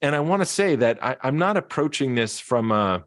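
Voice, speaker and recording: A man's voice: mid-range voice, big pitch swings, normal speed, no room sound, clean studio sound. A man, a musician and speaker, reflecting as a podcast guest, with many restarts and fillers. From Canada. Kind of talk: casual interview talk.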